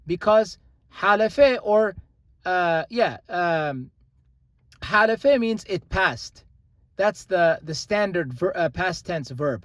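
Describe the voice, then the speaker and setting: A man teaching a language grammar lesson, patiently explaining and slowly repeating example words. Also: high voice, fairly bright tone, no echo.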